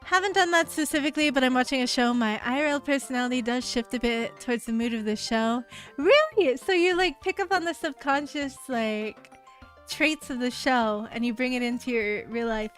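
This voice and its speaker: A woman's voice: fairly high pitch, fairly even intonation, brisk, a bit bright. Chatty, upbeat young woman streamer. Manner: chatty and upbeat, reads viewer messages aloud, laughs often; heavy use of "like" fillers. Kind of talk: casual live-stream chat with viewers. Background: faint background music.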